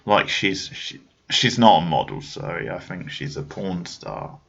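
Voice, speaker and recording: A man's voice: low voice, very animated, a little slow, creaky, fairly bright tone, breathy edge, dull audio. A man hosting a podcast, chatting casually about a film in a rambling way, with many restarts and fillers. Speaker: podcast host. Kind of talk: casual film review chat.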